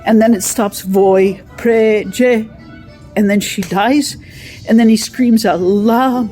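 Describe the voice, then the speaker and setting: A woman sings opera excerpts in a mellow, fairly high voice and then slows down to retell the plot. Her delivery is unhurried throughout. Soft music plays faintly behind her. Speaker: opera explainer. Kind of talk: singing opera excerpts and explaining them.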